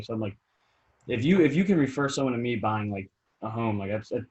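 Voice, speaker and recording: A young man from New Jersey with a Jersey accent, chatting casually as a realtor guest, rambling and animated, with lots of "like". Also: mid-range voice, a little fast, rough recording. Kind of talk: casual podcast chat.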